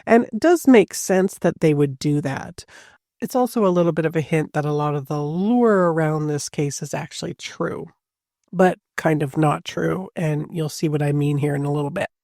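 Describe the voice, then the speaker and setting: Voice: mid-range voice, moderate pace, gravelly, a little mellow, dry recording, clean studio sound. A podcast host telling a true-crime story casually, with chatty asides and a lot of "like".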